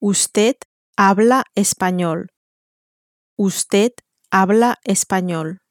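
A woman's voice: medium pitch, takes it slowly, dry recording, studio quality. A woman in an audio language lesson, modeling each answer by saying it twice. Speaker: native speaker modeling answers.

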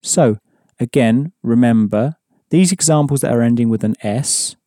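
Mellow-voiced male language teacher. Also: mid-range voice, moderate pace, dry recording, clean studio sound. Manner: patient, explains rules then prompts. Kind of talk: audio language lesson.

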